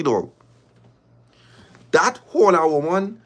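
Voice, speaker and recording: A man hosting a livestream, reading viewer confessions aloud and reacting with drawn-out exclamations and slang. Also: a little high, very animated. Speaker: livestream host.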